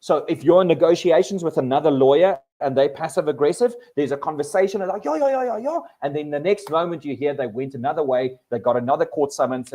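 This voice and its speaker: Male presenter, animated workshop delivery, restarts and repeats words. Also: medium pitch. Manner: animated, acts out quoted people with voice changes. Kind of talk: live workshop talk.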